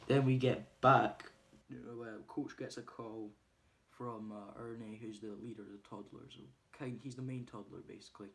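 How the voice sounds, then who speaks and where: A man's voice: lowish voice, fairly even intonation, moderate pace, gravelly. A man casually recapping a film's plot, rambling with lots of ums and uhs. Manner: acts out quoted lines loudly. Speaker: movie reviewer. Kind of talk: casual spoiler review.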